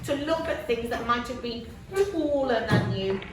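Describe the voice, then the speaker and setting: A woman teaching a class of young children, lively and full of encouraging praise. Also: fairly high pitch, normal speed. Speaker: primary school teacher. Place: large classroom. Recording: echoey classroom from far off, noisy.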